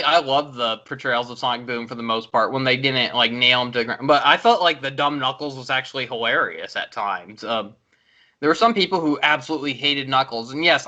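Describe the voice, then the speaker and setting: A man's voice: mid-range voice, sharp tone, rough recording. A man chatting casually about video games, rambling with many ums and likes. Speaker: video reviewer and co-host.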